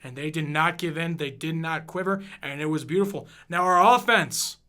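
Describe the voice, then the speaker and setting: A man's voice: on the high side, normal speed, sharp tone. A young man in his twenties hosting a podcast, ranting about football with lots of swearing and emphatic energy. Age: 20s. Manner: profane, fired-up, emphatic. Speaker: podcast host. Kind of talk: casual sports rant.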